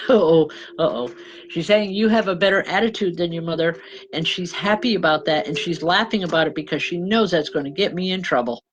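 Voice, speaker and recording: A woman's voice: on the low side, slight background noise, low-quality recording. Chatty woman giving spiritual readings. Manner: chatty and informal, calling people hon and babe, with frequent ums and self-corrections; often laughs and apologizes to the audience. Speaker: reverend and spiritual medium. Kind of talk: live spiritual reading addressed to viewers.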